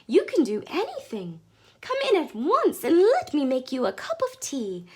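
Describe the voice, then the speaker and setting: A woman voicing an excitable, gushing older lady neighbor with a shrill, breathless voice. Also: moderate pace.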